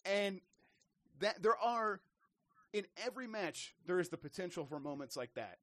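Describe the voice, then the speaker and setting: A man's voice: sits high, moderate pace, dry recording. A man in casual podcast chat about games, telling stories with lots of restarts and acted-out quotes. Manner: animated storyteller, many restarts, acts out quotes.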